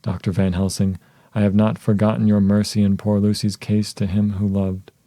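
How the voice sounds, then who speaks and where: Devoted young wife, soft and solemn, man reading her lines, low and flat. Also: moderate pace, dry recording, close to an everyday voice. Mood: solemn tender.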